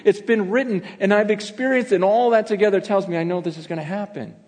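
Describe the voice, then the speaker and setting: A middle-aged man preaching a sermon as pastor, telling the story in an animated way that swings from loud to hushed. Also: high voice, quick pace. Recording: long reverb of a large hall.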